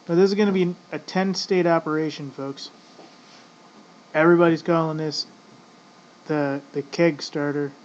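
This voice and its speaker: A man's voice: fairly high pitch, fairly even intonation, normal speed, long pauses. Rambling profane man, lo-fi audio. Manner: profane, rambling, keeps saying "folks". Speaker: vlogger. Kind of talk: casual ranting commentary. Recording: dull lo-fi audio with faint noise.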